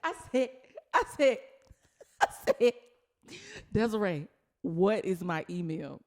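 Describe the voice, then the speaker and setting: A woman hosting a podcast in casual chat, telling a story with animated energy and frequent laughter. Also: mid-range voice, takes it slowly. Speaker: podcast host.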